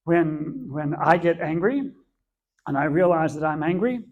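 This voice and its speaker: A man's voice: on the high side, lively intonation, unhurried, phone-quality sound. A man teaching an adult church class in a conversational way, earnestly repeating and rephrasing as he explains.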